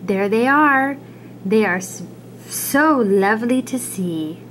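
A woman voicing a proud mother frog in a picture-book reading, croaking ribbits between her lines. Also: on the high side, expressive, slow pace, fairly bright tone, slight background noise.

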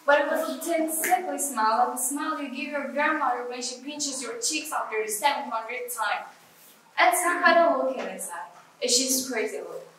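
A woman's voice: high-pitched, moderate pace, fairly bright tone, a little hiss or hum. A young woman playing an exasperated teenage girl. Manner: exasperated, complaining. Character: weary sixteen-year-old girl, over childhood games. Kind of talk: stage drama acting. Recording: echoey hall from far off.

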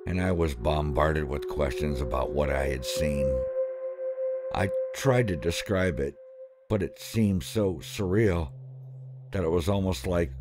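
A man narrating a first-person horror story, halting and breaking off mid-sentence. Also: a bass voice. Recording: background music under voice.

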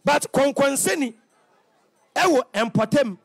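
A Ghanaian man hosting a radio talk show, preaching in an animated, sing-song way that often breaks into shouting. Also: very high-pitched, very slow, gravelly, some chatter behind. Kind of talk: lively preaching on radio, mixing local language with English. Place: radio studio.

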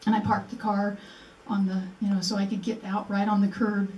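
An older woman delivers an earnest personal speech at a museum memorial event, briskly and with flat delivery, acting out conversations from her past. Her mid-range voice is a little mellow. The lo-fi recording, made with a distant mic in an echoey presentation room, has slight background noise.

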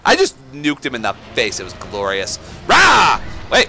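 A man giving let's play commentary on a shooter game, excitable, swearing and yelling at enemies. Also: medium pitch, unhurried, gravelly, few pauses. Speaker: gaming YouTuber.

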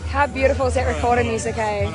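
Hoarse, bubbly New Zealand woman. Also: on the high side, steady tone, fast talker. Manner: bubbly, chatty, laughs often. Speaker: vlogger. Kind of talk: casual walking vlog. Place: outdoor protest camp. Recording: crowd chanting and music behind.

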